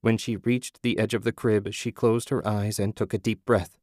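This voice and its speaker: A low-pitched male narrator reads a story aloud in a measured, low-key manner. The recording is close and dry, with no room sound. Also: little pitch movement, darkish tone, no room sound. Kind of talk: audiobook narration.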